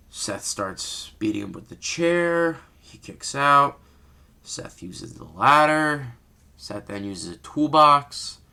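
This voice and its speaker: Animated, bright-voiced man ranting. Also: fairly high pitch. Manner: exasperated, ranting, rhetorical questions. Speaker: wrestling commentator vlogger. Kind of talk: unscripted rant.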